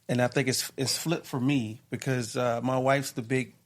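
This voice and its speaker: A man in his fifties, a retired military leader, speaking as a podcast guest in a measured, thoughtful way with frequent pauses. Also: medium pitch, fairly even intonation. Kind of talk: reflective conversation.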